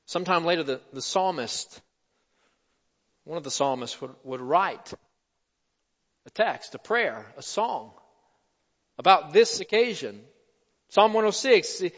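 High-voiced preacher in a reverberant hall. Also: male voice, a bit bright. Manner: dramatic, swelling emphasis on quoted lines. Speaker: pastor. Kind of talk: sermon. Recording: dull sound with long hall reverb.

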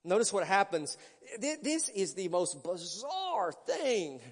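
High-voiced, lively preaching man. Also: slow, slightly rough, big-room sound. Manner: emphatic preaching, dramatic swings from loud to hushed. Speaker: pastor. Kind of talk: sermon.

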